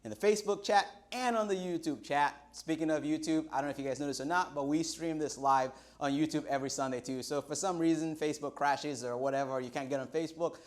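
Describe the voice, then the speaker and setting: A middle-aged man from Nigeria with a Nigerian accent, preaching a livestreamed sermon in an animated storytelling way, stretching out words for emphasis. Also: fairly high pitch, fast talker, hardly any pauses. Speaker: pastor.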